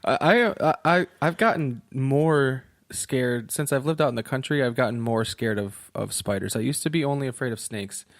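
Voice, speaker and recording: Male co-host from Virginia, mid pitch, dry sound, rambling and self-deprecating. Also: moderate pace, hardly any pauses, dry recording. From Virginia, USA. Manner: rambling, self-mocking, swears casually, laughs often. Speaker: podcast co-host. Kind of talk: casual podcast chat.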